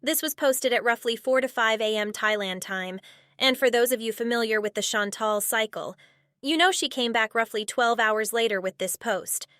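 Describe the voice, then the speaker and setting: A woman narrating a commentary video with blunt sarcasm. Her voice sits a little high, and the voice-over is dry, close and clean. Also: moderate pace, a bit bright, dry recording. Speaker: commentary YouTuber.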